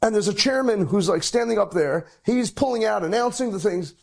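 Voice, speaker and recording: Man, rabbi, storytelling lecture, gravelly texture, raspy edge, voice soaring at dramatic points. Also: fairly quick. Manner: animated, pitch leaping up at dramatic moments.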